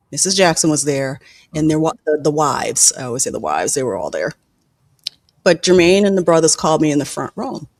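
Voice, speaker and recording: A film director and producer shares personal stories in an interview, candid and profane, mimicking quoted people with abrupt pitch jumps. The recording is dry.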